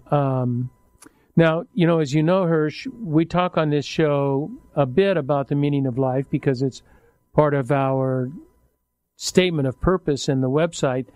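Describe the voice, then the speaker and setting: An older man hosting a radio talk show, speaking in a halting, reflective way and often correcting himself mid-sentence. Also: mid-range voice, a little mellow, dry recording. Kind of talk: casual interview chat.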